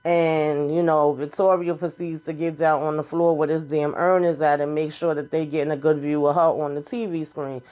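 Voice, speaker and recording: A woman's voice: deep voice, little pitch movement, normal speed, hardly any pauses, darkish tone, clear, resonant tone. A woman casually recapping a TV episode, blunt and sassy, swearing freely as she retells the scenes.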